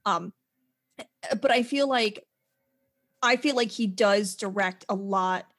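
A woman's voice: mid-range voice, slow pace, a bit bright. A woman co-hosting a podcast, talking casually and rambling with many fillers and restarts. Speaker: podcast co-host. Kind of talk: casual chat.

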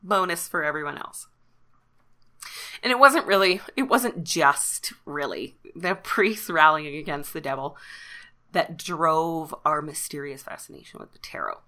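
A Canadian woman hosting her own podcast, talking casually in a fairly low but bright, forceful voice. She is chatty and self-deprecating, and she breaks into laughs often. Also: measured pace. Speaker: podcast host. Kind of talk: casual solo podcast monologue.

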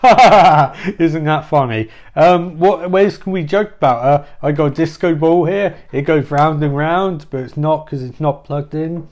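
A man's voice: on the high side, moderate pace, hardly any pauses, a little mellow. A man doing a rambling, crude improvised comedy monologue at home. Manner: rambling, crude, self-mocking.

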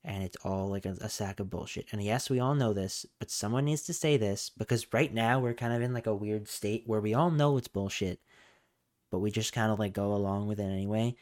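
A man hosting a casual podcast chat. He talks in a low voice, rambles, hesitates and often trails off before he finishes a thought. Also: fairly even intonation, a little fast, a little mellow. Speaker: podcast host.

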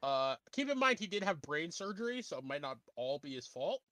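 Male podcast host, bright and animated, quick to laugh. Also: fairly high pitch, no room sound. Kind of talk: casual chat.

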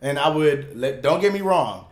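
A man's voice: on the high side, lively intonation, moderate pace. Argumentative, cursing man in an echoey room. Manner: argumentative, profane, laughing. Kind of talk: casual chat, debate.

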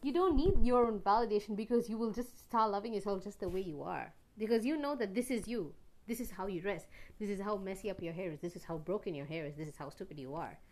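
A young woman in a personal vlog, speaking earnestly and rambling through her thoughts. She restarts her sentences often and now and then jumps to sudden loud bursts before dropping soft again. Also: mid-range voice, lively intonation, fast. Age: young adult. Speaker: vlogger. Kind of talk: personal reflective monologue.

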